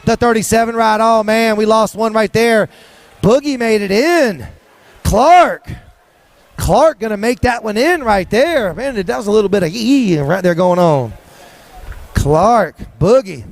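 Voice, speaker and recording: High-pitched rapid-fire race announcer man. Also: no echo. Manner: rapid-fire rhythmic calling, sing-song hype. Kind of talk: live BMX race commentary. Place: outdoor race track.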